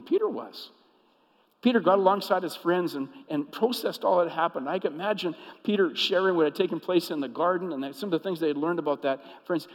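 Delivering a sermon in a large hall, a pastor tells stories and shifts from quiet, intimate moments to emphatic, building ones. He has a fairly high voice, and the recording is rough.

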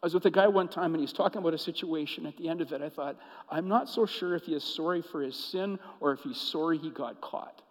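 A man preaching a sermon as pastor, telling stories and moving between hushed, intimate passages and emphatic, rising ones. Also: fairly high pitch, fast, few pauses, big-room sound, poor audio.

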